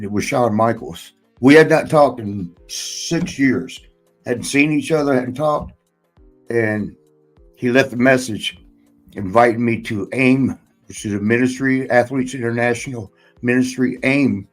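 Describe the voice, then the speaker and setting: A man with a medium-pitched voice hosts a casual chat, rambling through a long personal story, swearing often and laughing between lines. He's a podcast host and former wrestler, and the audio quality is poor.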